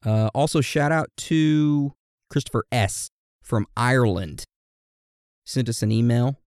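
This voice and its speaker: A man co-hosting a podcast in casual chat, playfully reading out listener messages and birthday shout-outs. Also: mid-range voice, measured pace, smooth, no room sound, studio quality. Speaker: podcast co-host.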